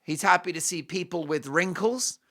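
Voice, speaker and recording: Hosting a talk show, this middle-aged Briton gives an opinionated monologue laced with teasing jokes, in a British accent. The voice is high, creaky and fairly bright, at normal speed.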